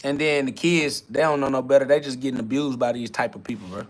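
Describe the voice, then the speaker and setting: A man's voice: mid-range voice, fairly even intonation, fast. A man hosting a spiritual self-talk podcast, ranting in a preachy, streetwise way with lots of repetition. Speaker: podcast host.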